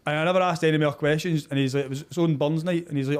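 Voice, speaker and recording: A Scottish man tells anecdotes in relaxed podcast banter. His voice sits a bit high, and he swears freely and stumbles into restarts. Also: a little hiss or hum. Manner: joking, swearing, halting restarts. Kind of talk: casual chat.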